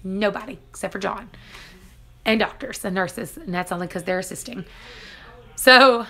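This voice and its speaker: A woman's voice: mid-range voice, normal speed, bright, forceful tone. Chatty woman telling stories. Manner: chatty, laughs often, acts out quotes. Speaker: vlogger reading live chat. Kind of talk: casual live-stream storytelling.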